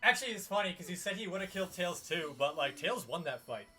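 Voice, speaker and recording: A man's voice: high-pitched, lively intonation, fast talker, sharp tone, faint music behind. A man co-hosting a live game stream, chatting casually and rambling between topics. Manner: rambling, fond of quoting characters in put-on voices. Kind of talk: casual gaming chat.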